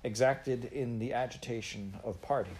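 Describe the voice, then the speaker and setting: A man reading a children's novel aloud in an unhurried, gently expressive way. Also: medium pitch, noisy background. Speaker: audiobook reader.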